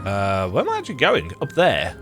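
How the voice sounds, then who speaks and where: A man's voice: lowish voice, wildly swooping pitch, brisk, music in the background. A man casually commenting on a game he is playing, reading dialogue aloud in a playful, jokey way. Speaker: gaming video creator.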